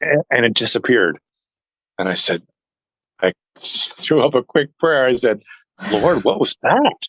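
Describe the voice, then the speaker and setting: A man telling a personal story to an interviewer in a casual chat, earnest and animated, acting out what others said. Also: mid-range voice, unhurried, no echo, low-quality recording. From family heritage is Norwegian. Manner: earnest, animated retelling that acts out other people's lines. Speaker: interview guest.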